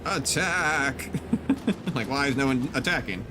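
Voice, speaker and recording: A man's voice: mid-range voice, moderate pace, background noise. A man giving casual, joking gameplay commentary with mock-grandiose outbursts and frequent laughter. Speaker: gaming YouTuber. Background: game music.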